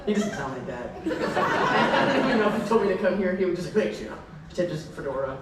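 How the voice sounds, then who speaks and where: A young man on a convention panel, telling rambling, excitable stories full of tangents and laughter. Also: sits high, normal speed, far from the mic, over a noisy crowd. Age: young adult. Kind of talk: rambling anecdotal Q&A. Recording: echoey hall, mic heard from afar.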